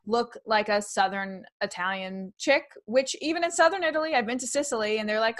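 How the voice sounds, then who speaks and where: A woman's voice: fairly high pitch, a little fast. Chatty New York-raised comedian woman. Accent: slight New York, mostly trained out. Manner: animated, chatty, laughs often, many restarts. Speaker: comedian and actress guest. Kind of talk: casual interview conversation.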